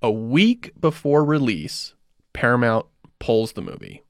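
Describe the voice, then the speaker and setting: A man hosting a casual podcast, explaining film history in a steady run with small restarts. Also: medium pitch, measured pace, no echo, studio quality.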